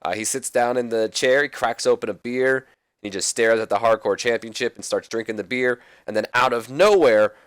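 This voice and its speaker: Low-voiced casual let's play man. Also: no echo, clean studio sound. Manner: rambling, casual, mildly profane. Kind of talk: casual game commentary.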